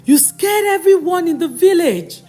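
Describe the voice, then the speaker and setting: A woman's voice: very high voice, lively intonation, moderate pace, mellow, faint music behind, pitched above the performer's own voice. Woman voicing a worried pleading mother. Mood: reproachful.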